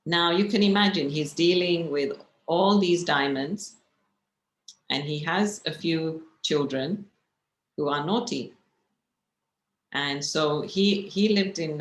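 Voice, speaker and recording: A woman, a spiritual teacher, telling stories in a gentle, reflective way and asking her listeners questions. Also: low-pitched, slow. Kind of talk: storytelling talk. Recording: echoey room with faint noise.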